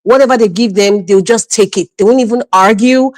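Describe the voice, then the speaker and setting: A woman's voice: medium pitch, a little fast, darkish tone, dry recording, low-quality recording. A Nigerian woman giving passionate, emphatic political commentary on a live stream, laughing often and slipping into pidgin. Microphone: remote live stream mic.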